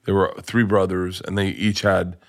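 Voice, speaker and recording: Rambling, lower-voiced male storyteller. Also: normal speed. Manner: rambling, animated, full of restarts. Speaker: comedian guest. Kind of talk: storytelling anecdote in conversation.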